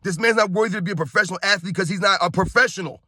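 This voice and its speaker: A man's voice: sits high, racing, sharp tone, dry recording, clean studio sound. A man from New York in his thirties, ranting heatedly and bluntly in sports commentary, repeating himself and calling his viewers guys.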